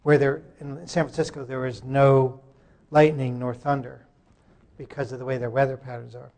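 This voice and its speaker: Male presenter, medium pitch, stop-start delivery at a conference. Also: little pitch movement, a little mellow. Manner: halting, breaks off mid-sentence to fix tech. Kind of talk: live presentation.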